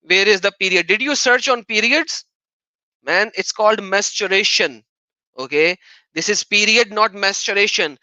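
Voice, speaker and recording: Man, livestream host, mocking and sarcastic, bright tense voice, dry sound. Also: sits high, a little slow, dry recording, rough recording. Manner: taunting, sarcastic, mocking laughter. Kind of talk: live-stream debate chat.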